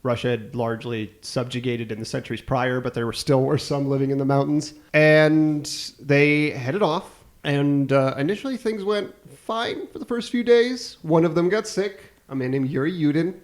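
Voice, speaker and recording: A man co-hosting a comedy podcast who leads the history story. His voice sits a little high, and he rambles and cracks jokes, often laughing between sentences. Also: normal speed, hardly any pauses. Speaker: podcast co-host, history presenter.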